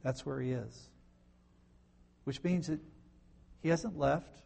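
A man leads a conversational Bible lesson, his gravelly, slightly husky voice sitting a little high for a man. He quizzes the room with rhetorical questions and dry, sarcastic asides. He drops quiet and then surges loud to drive points home. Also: slow. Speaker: pastor.

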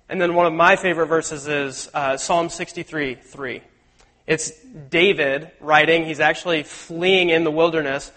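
A man preaching a sermon in a casual, animated way, acting out the lines he quotes. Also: on the high side, normal speed. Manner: conversational, animated, acts out quotes. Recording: long hall reverb.

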